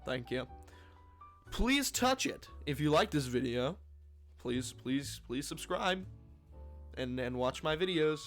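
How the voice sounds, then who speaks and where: A young man running a casual online interview in a playful, teasing way. His voice sits a bit high for a man, with faint music in the background. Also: animated, slow, long pauses. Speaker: interviewer, channel host.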